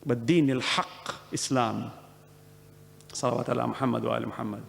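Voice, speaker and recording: A man's voice: medium pitch, steady tone, brisk, vocal fry, a little hiss or hum. Earnest man lecturing in a reverberant hall. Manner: earnest, questioning, acts out dialogue. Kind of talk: religious lecture.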